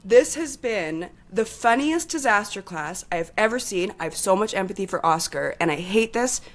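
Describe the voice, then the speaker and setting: A woman's voice: mid-range voice, lively intonation, moderate pace. A woman co-hosting a podcast in casual chat, talking with heated, impassioned energy and swearing freely. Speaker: podcast co-host.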